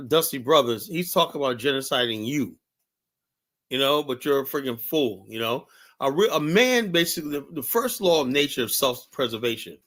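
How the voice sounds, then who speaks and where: A man's voice: medium pitch, a bit bright. A man hosting a reaction commentary stream, talking emphatically and repeating his points. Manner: emphatic, repetitive. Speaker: host.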